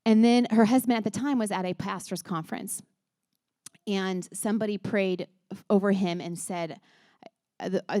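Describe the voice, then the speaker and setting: A woman's voice: on the low side, fairly even intonation, normal speed, a little mellow, dry recording, clean studio sound. A woman in her thirties speaking to a church group of moms in a chatty, earnest way, often restarting her sentences. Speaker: speaker at a church moms' gathering. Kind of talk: casual talk to a women's group.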